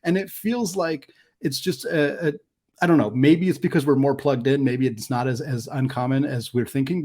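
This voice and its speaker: A man with a mid-range voice co-hosts a casual sports podcast. He speaks in a measured, analytical way and often pauses to restart a thought. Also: medium pitch, warm tone. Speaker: podcast co-host.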